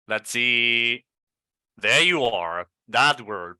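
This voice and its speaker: Slow, bright-voiced man coaching pronunciation. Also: medium pitch, animated, dry recording. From Venezuela. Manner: slow, repeats words several times to model pronunciation. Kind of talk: live online pronunciation lesson. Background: party noise nearby.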